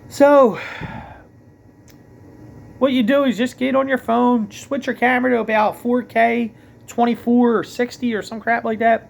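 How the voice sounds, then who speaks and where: A man's voice: sits high, vocal fry. A man with a Philadelphia accent, ranting casually to camera late at night as a vlogger, rambling with lots of fillers and restarts.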